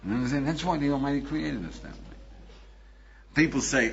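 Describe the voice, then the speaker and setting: An older man, a rabbi, giving a lively lecture, acting out little scenes and asking his listeners questions. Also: mid-range voice, a little fast, gravelly, pauses often, highs cut off, background noise. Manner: animated, acts out little scenes with voices, laughs, asks the audience. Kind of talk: recorded lecture.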